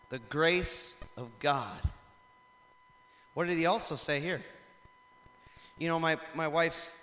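A man preaching a sermon in a lively storytelling way, rising to loud emphatic passages. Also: medium pitch. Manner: animated storytelling, acts out shouts and laughs. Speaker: pastor. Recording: long hall reverb.

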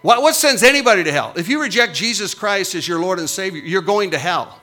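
A man's voice: high voice, expressive, quick pace, pushed and bright. A middle-aged man preaching as a pastor, with emphatic, punchy repetitions that rise and fall. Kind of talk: sermon.

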